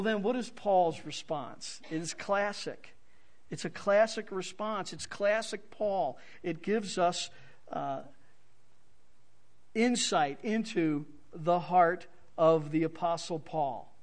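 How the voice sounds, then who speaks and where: A man preaching an expository sermon, swinging from soft to loud for emphasis. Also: high voice. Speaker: pastor.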